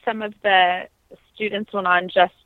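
A young adult woman who is a trained opera singer speaks reflectively and from the heart in a casual interview, using lots of fillers. Her mid-range voice is flat and unhurried, and the dry recording sounds tinny, like a phone.

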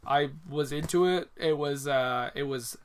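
Young guy on a movie podcast, plain slightly high voice, rattles off film trivia. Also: a little slow, smooth. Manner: matter-of-fact, lists facts with fillers. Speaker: podcast co-host. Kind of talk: casual film discussion podcast.

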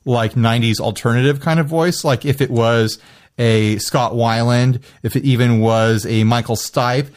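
A man co-hosting a casual music podcast, chatty and self-deprecating, quick to laugh. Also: medium pitch, steady tone. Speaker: podcast co-host. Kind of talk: casual chat.

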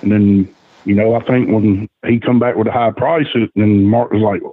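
Husky male guest explaining booking ideas over a phone-like, dry line. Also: lowish voice, fairly even intonation, moderate pace, no room sound. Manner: explanatory, filler-heavy. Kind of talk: casual chat.

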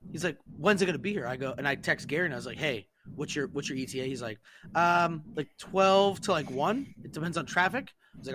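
A man with a fairly high voice tells a rambling story to his podcast co-hosts, swearing often and playing every character in the exchange he recounts. Faint noise sits under the recording. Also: fast talker. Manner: profane, animated, acts out quoted texts. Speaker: podcast co-host. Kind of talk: casual storytelling among friends.

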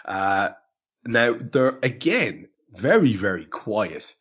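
A low, husky-voiced man hosting a football podcast. He rambles and circles his points in relaxed chat. The audio is dull and lo-fi. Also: takes it slowly. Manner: rambling, many fillers and restarts. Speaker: podcast host.

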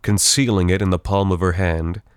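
A man reads scripted fiction aloud in a steady, even storytelling voice. His pitch sits very low, and the recording is dry and close with no room sound. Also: normal speed, clean tone, dry recording. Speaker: narrator.

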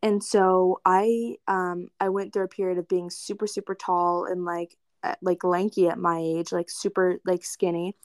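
A woman's voice: fairly low pitch, flat delivery, moderate pace, few pauses, a little mellow, no room sound, clean studio sound. A young woman guest on a casual podcast, speaking candidly and earnestly with many fillers.

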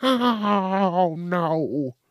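A man's voice: high-pitched, lively intonation, very slow, no room sound, voice pushed up, heavily acted. A man doing panicked Miss Jenkins. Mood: pleading. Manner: pleading, frantic.

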